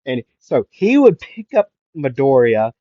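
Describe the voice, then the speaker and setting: A man's voice: mid-range voice, very animated, a little slow, warm tone, no echo, highs cut off. A man improvising a fan fiction story in a rambling way, full of fillers.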